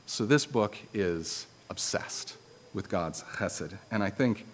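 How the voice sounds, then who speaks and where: A man's voice: lowish voice, animated, takes it slowly, in a large hall, slight background noise. A man preaching a sermon to his congregation, teaching in a conversational way with dry, self-deprecating humor.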